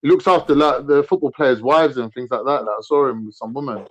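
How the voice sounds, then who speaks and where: A man chatting casually as a panelist on a live stream, a lively storyteller who mimics other people's voices. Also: mid-range voice, fairly quick, highs cut off. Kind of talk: casual chat.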